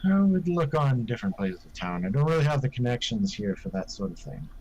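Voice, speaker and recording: A man voicing a calm, stubborn male shopkeeper who stays matter-of-fact and firm on price. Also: mid-range voice, a little fast, dull audio, slight background noise, close to an everyday voice.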